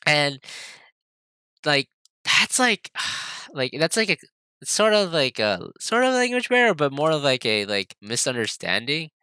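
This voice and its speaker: A young man co-hosting a podcast, telling a story in a casual, animated way, swearing and acting out quotes. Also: on the high side, a little slow, clean tone, no echo. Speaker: podcast co-host. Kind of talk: casual chat.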